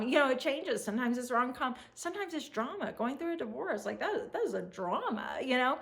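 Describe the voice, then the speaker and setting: A woman in her forties telling stories to the camera in a chatty, animated way, laughing often and acting out what people said. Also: sits high, brisk, creaky, few pauses. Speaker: vlogger. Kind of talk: casual storytelling to camera.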